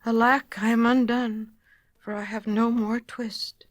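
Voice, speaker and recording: A woman's voice: a little high, little pitch movement, unhurried, no echo, studio quality, lightly acted. Brief: storybook figure, anxious old tailor muttering his worries, read by a woman. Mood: lamenting. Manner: mumbling, lamenting. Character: poor old male tailor, fretful and anxious.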